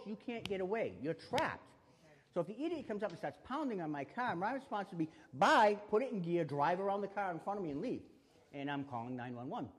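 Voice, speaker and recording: A man teaches a room in a spoken, lively way, sliding up and down in pitch and acting out little exchanges as he goes. His voice sits a touch high for a man. The sound carries a long reverb, as in a big hall. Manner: animated, acts out quoted exchanges. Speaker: self-defense instructor.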